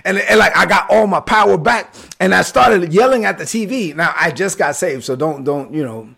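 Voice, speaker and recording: Brooklyn guy preaching on a stream, high-ish raspy voice w some gravel, gets loud and excited. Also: moderate pace. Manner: animated storyteller, acts out quotes, sudden shouts. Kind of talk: sermon-style storytelling. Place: livestream with chat.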